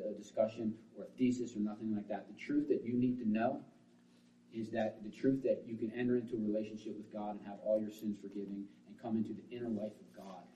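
A man preaching a sermon as pastor, swinging between forceful, loud lines and hushed, quiet ones. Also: fairly low pitch, slight background noise. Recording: roomy, distant, dull sound.

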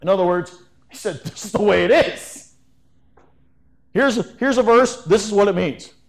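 A middle-aged man preaching a sermon as pastor, in a lively, conversational way with frequent restarts. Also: high-pitched, normal speed.

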